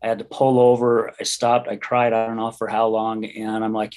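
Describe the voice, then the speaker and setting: A man's voice: lowish voice, completely flat delivery, normal speed, darkish tone. A middle-aged man telling his personal story as a podcast guest, earnest, heartfelt and candid. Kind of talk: personal testimony in an interview.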